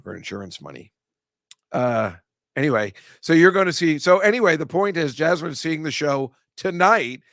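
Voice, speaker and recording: A man's voice: on the high side, lively intonation, moderate pace, fairly bright tone, dry recording. A talkative man hosts a loose comedy chat show. He rambles and starts sentences over, and he keeps laughing partway through them. The sound is dry and close to the mic. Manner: rambling, chatty, self-interrupting with laughs. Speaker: comedian host. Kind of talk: casual chat.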